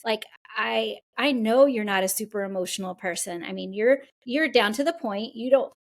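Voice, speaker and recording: Effusive, emotional woman, slightly high voice. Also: moderate pace. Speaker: podcast co-host. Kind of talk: casual podcast conversation.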